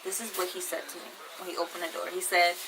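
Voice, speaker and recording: Young woman in her twenties, casual storytime vlog, lots of "like" fillers, lowish voice, steady background noise. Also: fast, vocal fry. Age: 20s. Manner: chatty, rambling, heavy use of "like". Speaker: vlogger. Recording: noisy background ambience.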